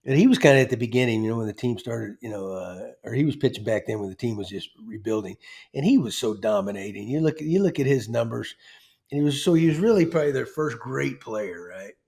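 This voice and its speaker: A man's voice: medium pitch, expressive, fast talker, vocal fry, darkish tone, breathy edge. A man hosting a casual sports chat show, talking in a folksy, rambling way full of fillers. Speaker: show host.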